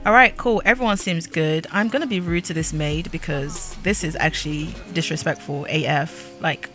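Bright-voiced sassy young woman gamer. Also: low-pitched, normal speed, faint music behind. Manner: chatty, sassy, laughs often. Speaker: gaming YouTuber. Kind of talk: casual game commentary.

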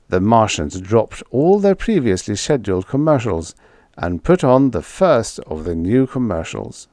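Man reading a story, low and lively. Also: no room sound, clean studio sound. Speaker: audiobook narrator. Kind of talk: scripted story narration.

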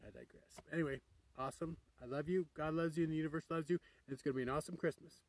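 A man's voice: on the high side, fairly even intonation, racing, low-quality recording. A man talking to camera in a rambling, upbeat, digressive vlog. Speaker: vlogger. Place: outdoors near a crater with trains passing.

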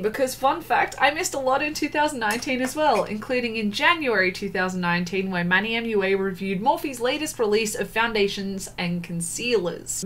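A woman's voice: medium pitch, fairly bright tone. A woman doing casual commentary, exasperated and sarcastic, swearing freely and laughing often. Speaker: beauty commentary YouTuber.

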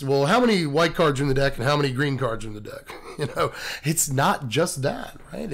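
A man hosting a video, hoarse and scratchy from laryngitis, rambling and joking through his sign-off. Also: fairly high pitch. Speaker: host. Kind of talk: casual video outro.

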